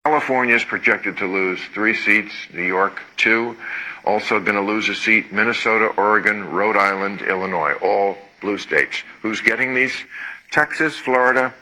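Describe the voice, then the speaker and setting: A man's voice: fairly low pitch, normal speed, sharp tone, rough recording. A man hosting a talk show, delivering sarcastic political commentary with punchy jokes and the occasional swear word.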